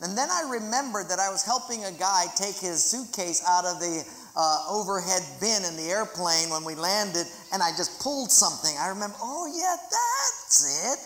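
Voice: medium pitch, normal speed, few pauses, fairly bright tone. A pastor preaching a sermon in a large church auditorium, speaking dramatically and leading the congregation in reading scripture aloud. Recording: echoey hall with long reverb.

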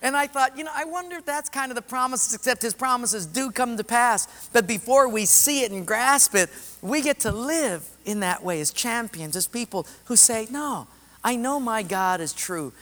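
A man's voice: very high voice, moderate pace. A man preaching a sermon and telling stories, acting out the voices of the people in them. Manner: animated, acts out voices in stories. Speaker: pastor. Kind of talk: sermon with storytelling. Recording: long reverb of a hall.

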